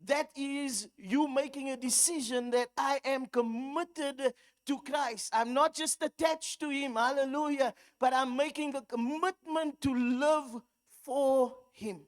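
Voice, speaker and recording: High-voiced South African woman preaching. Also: steady tone, slow. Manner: storytelling, rising into fervent exhortation. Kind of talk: sermon.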